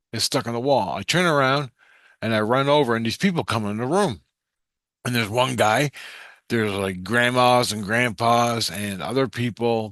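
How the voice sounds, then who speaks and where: A man telling a rambling, profanity-laced story in a vlog, getting excited and then dropping low. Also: dry recording, studio quality. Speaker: vlogger recounting a vision. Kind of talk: rambling spoken monologue.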